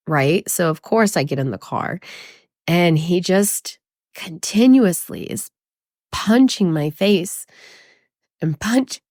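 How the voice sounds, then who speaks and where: A woman's voice: lowish voice, darkish tone, no room sound, studio quality. A woman hosting a podcast, talking in a raw, emotional and blunt way with swearing, tearful as she speaks. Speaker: podcast host. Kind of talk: confessional podcast monologue.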